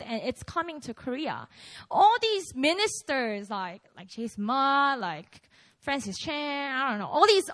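A young woman preaches to a prayer meeting in a loose, conversational way, breaking into laughter as she goes. Her voice sits high and swings widely in pitch. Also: fairly bright tone, low-quality recording. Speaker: pastor.

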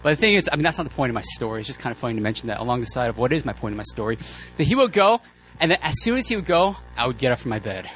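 A man preaching a sermon, telling personal stories in a casual, joking, animated way with many fillers and restarts. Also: mid-range voice, rapid-fire, hardly any pauses, faint music behind.

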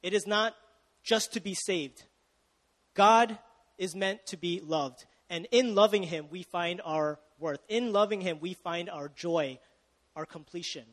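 High-voiced young preacher in an echoing hall. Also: male voice, unhurried, fairly bright tone. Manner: casual, chatty, asks the audience questions, self-interrupting. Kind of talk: sermon.

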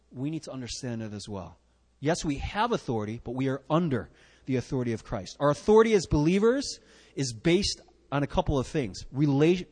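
A man's voice: a little high, a little mellow, long reverb tail. A man preaching a sermon and teaching from the Bible, emphatic, with rhetorical questions and repeated "right?" checks. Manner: emphatic, asks the listeners "right?".

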